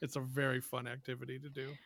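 A man's voice: mid-range voice, monotone, fast, creaky, a bit bright, dry recording. A man co-hosting a casual podcast, chatting enthusiastically, laughing often and swearing casually. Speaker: podcast co-host. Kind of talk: casual chat, storytelling.

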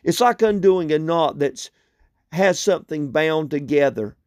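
Male preacher with a deliberate, unhurried pace and a dry sound; earnest and pleading, leans on repetition. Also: a little high, a little mellow, dry recording. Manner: earnest, pleading, repeats phrases for emphasis. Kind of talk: expository sermon.

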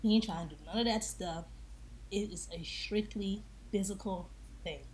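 A woman co-hosting a podcast in casual chat about music, animated, laughing often and acting out quotes. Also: mid-range voice, normal speed, slight background noise. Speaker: podcast co-host.

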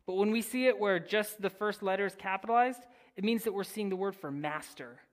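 A preacher reading scripture and teaching, swinging between loud declarations and near-whispered phrases, with casual asides to the listeners. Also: medium pitch, fairly quick. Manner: casual, addresses listeners as "guys". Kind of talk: sermon with Bible reading and teaching.

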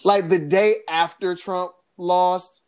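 A woman co-hosting a casual political podcast, talking in an animated, sarcastic way, with laughs and mocking impressions. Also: lowish voice, slow. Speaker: podcast co-host.

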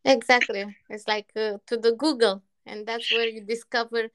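A woman co-hosting a casual chat, agreeing often and pausing on fillers as she searches for words. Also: on the high side, steady tone, fairly bright tone. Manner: agreeable, hesitant with many fillers.

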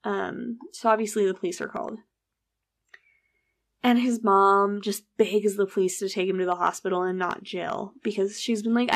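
A woman's voice: medium pitch, moderate pace. A woman casually telling a true story, acting out the people's lines and swearing freely. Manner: animated, acts out quoted dialogue, swears casually.

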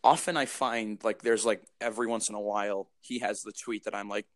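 A young man co-hosting a casual podcast, talking in halting, rambling bursts with many restarts. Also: lowish voice, fairly even intonation, no room sound. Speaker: podcast co-host. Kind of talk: casual chat.

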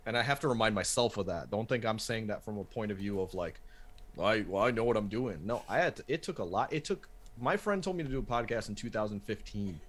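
A man's voice: on the low side, lively intonation, fast, hardly any pauses, a bit bright. A man who hosts a wrestling podcast, talking casually and animatedly, swearing and restarting his sentences.

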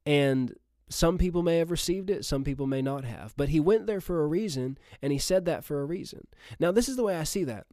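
A man's voice: on the high side, brisk, darkish tone, no echo, studio quality. A man preaching a sermon emphatically, repeating phrases and calling out to his listeners.

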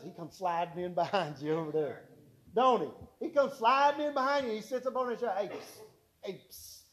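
A man's voice: sits high, a little hiss or hum, poor audio. A man preaching a sermon, telling folksy stories and repeating his points for emphasis. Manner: folksy storytelling with emphatic repetition.

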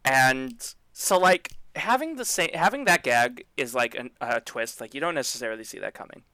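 Young guy cohosting a chill podcast, bright voice, dry mic, jokey. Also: mid-range voice, lively intonation, smooth, dry recording. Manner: joking, talks fast when recapping. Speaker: podcast co-host. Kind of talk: casual chat.

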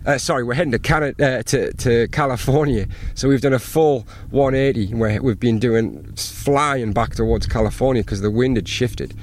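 A man, a sailboat captain, telling lively stories in a casual interview and acting out the things people said. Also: medium pitch, normal speed, few pauses, slight background noise. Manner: animated anecdotes, acts out quoted exchanges. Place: outdoors by an anchored sailboat.

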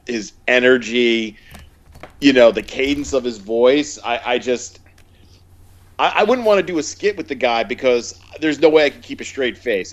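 A man's voice: mid-range voice, lo-fi sound. A man co-hosting a podcast, telling stories in a loose, rambling way full of fillers. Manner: rambling, filler-heavy storytelling with quoted impressions. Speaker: podcast co-host. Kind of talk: casual chat.

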